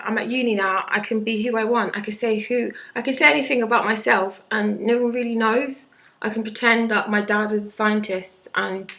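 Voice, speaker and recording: In a casual vlog, a twenty-something woman chats with blunt sarcasm and throws in mocking impressions. Her voice is mid-range and fairly bright, captured in a low-quality recording.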